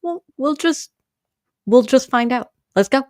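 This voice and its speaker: A woman's voice: sits high, lively intonation, measured pace, darkish tone, dry recording. A woman from Maine hosting a casual solo podcast, chatting and rambling straight to her listeners and getting heated as she rants. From Maine, USA. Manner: gets heated and exasperated when ranting. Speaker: podcast host.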